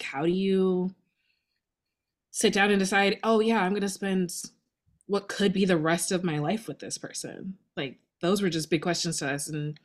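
Chatty woman podcast co-host. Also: fairly low pitch. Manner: chatty, animated, laughs often. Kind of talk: casual conversation.

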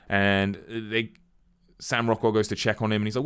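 A man casually recapping a film, acting out the characters' lines with animated energy. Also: fairly low pitch, moderate pace, clean tone. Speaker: podcast co-host recapping a film. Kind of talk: casual chat.

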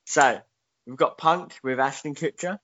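A man's voice: on the high side, unhurried, fairly bright tone. A man, co-hosting a podcast in casual chat, rambling and swearing with lots of fillers. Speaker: podcast co-host. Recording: dull lo-fi podcast mic.

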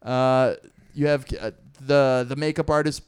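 A man's voice: medium pitch, fairly even intonation, measured pace, a little mellow, smooth. A man co-hosting a podcast in casual chat, sarcastic and joking, with lots of fillers. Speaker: podcast co-host.

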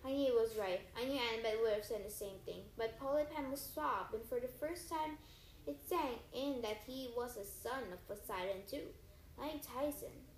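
A woman reading a story aloud in first person, lively, with small stumbles and self-corrections. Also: on the high side, roomy sound, slight background noise, rough recording. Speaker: audiobook reader.

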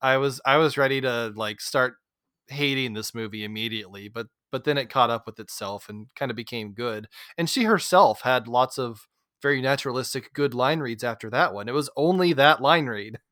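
A man hosting a casual movie discussion, chatty and quick to laugh, often saying "like". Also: mid-range voice, a bit bright, no echo, clean studio sound. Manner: chatty, uses "like" a lot, laughs easily. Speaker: podcast host.

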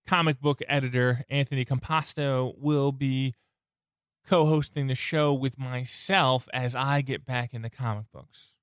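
Male podcast host, under the weather, strained voice, rambling and excited, dry close-mic sound. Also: mid-range voice, a little slow, smooth, no room sound. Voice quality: sounds like something in his mouth. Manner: rambling, enthusiastic, self-interrupting. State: sick, voice strained. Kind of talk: casual podcast chat.

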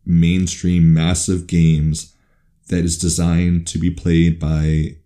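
A man in casual podcast chat, playful and teasing, talking with animated emphasis. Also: low voice, slow. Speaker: podcast co-host.

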